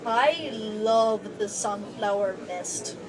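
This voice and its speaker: A woman's voice: medium pitch, very slow, crowd noise, poor audio. A woman streaming a game playthrough, chatting in a self-deprecating, joking way. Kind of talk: game playthrough, reading dialogue aloud. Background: game music.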